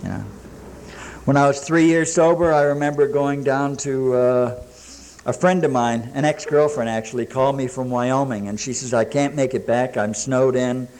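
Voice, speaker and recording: A man's voice: medium pitch, fairly even intonation, moderate pace, darkish tone. Guy sharing his story at a meeting, ordinary mid voice, lots of "he says, i says", dry jokes, faint background noise. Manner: plain storytelling full of quoted back-and-forth dialogue, dry jokes. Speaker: speaker sharing at a recovery meeting. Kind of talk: personal recovery story told to a live audience. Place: meeting room with a live audience.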